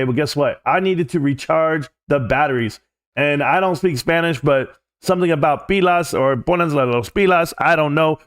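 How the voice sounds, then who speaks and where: A man hosting a livestream, talking straight to his chat in a rambling, blunt, mildly profane rant. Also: a little high. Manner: addresses chat directly. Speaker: livestream host.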